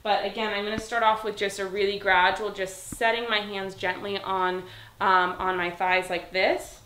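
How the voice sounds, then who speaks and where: A woman dog trainer giving a calm, step-by-step demonstration and praising the dog. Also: medium pitch, normal speed, a little hiss or hum. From Southern California. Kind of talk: instructional demonstration. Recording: echoey room.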